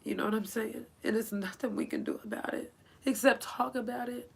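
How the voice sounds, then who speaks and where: A woman hosting a solo podcast, speaking in a halting, tearful way and pausing often to collect herself, with speech. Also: on the high side, fairly even intonation, vocal fry, breathy edge. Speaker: podcast host. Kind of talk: emotional solo podcast remembrance.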